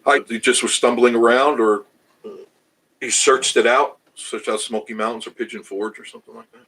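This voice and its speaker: A man's voice: medium pitch, steady tone, normal speed, a bit bright, slightly rough, rough recording. An older man hosting a casual livestream, chatting with viewers in a rambling, self-amused way. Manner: rambling, chatty, restarts, laughs at himself. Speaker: travel channel host reading live chat.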